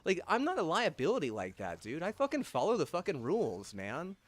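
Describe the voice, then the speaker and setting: A young man with a fairly high voice rants angrily into the camera. He swears in nearly every sentence, circles back over half-finished thoughts and piles on fillers. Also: wildly swooping pitch. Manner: angry, heavy swearing, halting restarts and fillers. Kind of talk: profane rambling rant.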